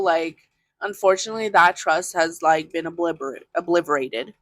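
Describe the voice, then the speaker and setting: A woman hosting a podcast, telling her own story frankly and casually, with plenty of filler words and some swearing. Her voice sits a little low. The sound is close and dry, with no room echo. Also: moderate pace, a bit bright. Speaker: podcast host. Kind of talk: candid personal storytelling.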